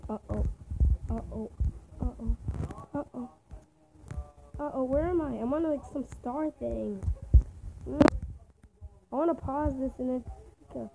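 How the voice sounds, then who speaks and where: A young woman giving casual, excitable commentary while playing a video game with a friend, often yelping and laughing. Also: high-pitched, a little slow, creaky, long pauses. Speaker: gaming video host. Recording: loud background noise.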